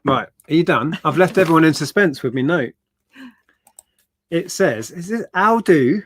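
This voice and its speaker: A man's voice: a little high, lively intonation, moderate pace, breathy edge. A man co-hosting a live stream, chatting casually in a jokey, playful way. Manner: jokey, playful, mock-indignant.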